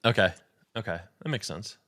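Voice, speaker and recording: A man's voice: fairly low pitch, expressive, a little fast, pushed and bright. A male podcast host chatting casually and thanking his guest earnestly, often repeating words as he goes. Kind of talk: casual interview chat.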